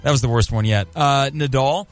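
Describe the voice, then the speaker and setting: A man's voice: mid-range voice, brisk, soft background music. A man co-hosting a casual sports talk show, joking and self-deprecating, tending to ramble.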